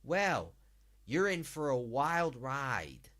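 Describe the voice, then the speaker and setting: A man's voice: medium pitch, big pitch swings, drawn-out words, fairly bright tone, exaggerated voice. A British man putting on a hammy, folksy American cowboy drawl. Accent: put-on American Southern drawl.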